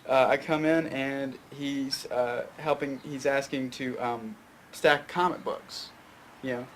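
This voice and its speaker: A man's voice: mid-range voice, steady tone, slow pace. Young man from Tennessee, rambling story, lots of fillers, faint background hiss. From Fayette County, Tennessee. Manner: rambling, many fillers and restarts. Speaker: guest filmmaker. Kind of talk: casual storytelling interview.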